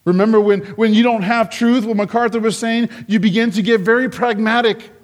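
A man preaching an expository sermon, slow and deliberate, growing emphatic when quoting the crowd. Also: high voice, steady tone. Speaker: pastor.

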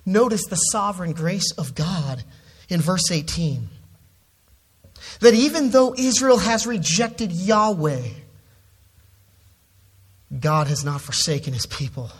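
A preacher delivering an expository sermon at an unhurried, measured pace. The voice leans hard on key words for emphasis and often repeats a word when restarting a phrase. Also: medium pitch, lively intonation, husky.

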